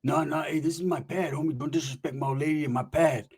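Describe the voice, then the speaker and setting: A man voicing a shady middle-aged male ex-con who mutters in a low, quiet, slangy way. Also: fairly even intonation, fast, gravelly, breathy edge, heavily acted. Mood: low menacing.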